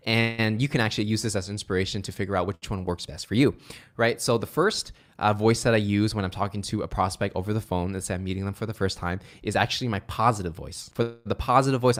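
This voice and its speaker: A man teaching phone sales technique in an upbeat, conversational way, often checking in with "right?". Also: fairly low pitch. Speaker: sales trainer. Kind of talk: instructional talk to camera.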